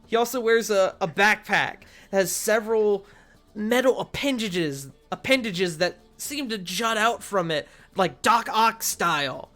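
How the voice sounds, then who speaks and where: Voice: mid-range voice, animated, unhurried, a bit bright. Brief: easygoing game master, loose narration with fillers, faint music behind. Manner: casual, laughing, filler-heavy narration.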